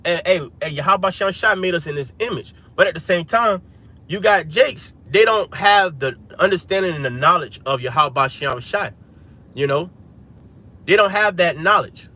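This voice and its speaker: Husky high-voiced man preaching casually. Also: lively intonation, moderate pace, bright, forceful tone. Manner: emphatic, repetitive, peppers lines with "man" and "hey". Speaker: livestream host preaching to viewers. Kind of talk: casual religious street-preaching talk. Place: inside a vehicle.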